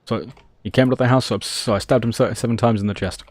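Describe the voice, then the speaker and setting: A man's voice: medium pitch, fairly even intonation, quick pace, no room sound. A man streaming a game, rambling and self-mocking as he talks to himself while he plays. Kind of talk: casual gameplay commentary.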